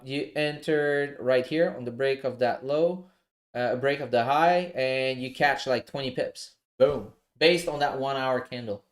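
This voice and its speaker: A forex trading coach with a non-native English accent walks viewers through trades in a relaxed, casual livestream. His mid-range voice is explanatory, and he often adds "right?" and "you know?" to check in.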